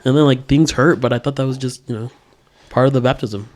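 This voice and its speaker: A young man chatting casually on a podcast, incredulous and joking, swearing often. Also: medium pitch. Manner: incredulous, swearing, quick to joke. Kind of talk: casual chat.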